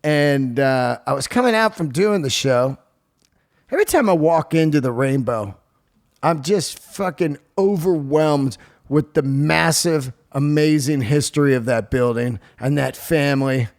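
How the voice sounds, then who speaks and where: A male comedian hosts his podcast in a loose, casual monologue. His voice sits a bit high for a man, and he rambles, swears freely and leans on fillers. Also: unhurried.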